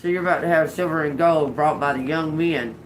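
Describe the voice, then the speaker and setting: A woman's voice: deep voice, fairly quick, a little hiss or hum. A woman giving a casual spiritual reading to a collective audience. She laughs often, swears freely and talks in a loose, streetwise way. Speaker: intuitive reader.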